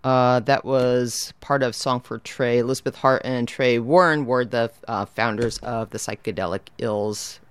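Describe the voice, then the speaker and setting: Male radio host, smooth clear voice, rambling, self-correcting, studio interview. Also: mid-range voice, fairly even intonation, unhurried, hardly any pauses.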